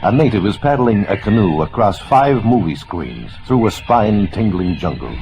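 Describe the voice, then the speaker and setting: A man's voice: fairly low pitch, very animated, normal speed, heavy background noise. A man narrating a guided tour in an enthusiastic, scripted tour-guide manner.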